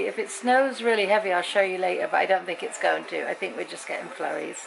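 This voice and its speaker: A woman's voice: fairly low pitch, fairly even intonation, quick pace, vocal fry, hardly any pauses, a little hiss or hum, low-quality recording. A middle-aged British woman chatting candidly to her viewers at home in a daily vlog. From Britain. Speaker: vlogger. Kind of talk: casual daily vlog chat.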